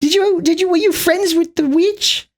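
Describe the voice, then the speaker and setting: A man voicing a little munchkin man in a silly, high, drawn-out put-on voice during a comedic movie rant. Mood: nosy.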